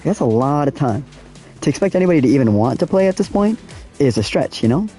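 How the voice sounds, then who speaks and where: A man's voice: on the high side, sing-song, fast talker, dark tone, faint music behind. A young man casually talking to his viewers in slangy speech while he plays a racing game. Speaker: gaming streamer. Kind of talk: casual live-stream commentary.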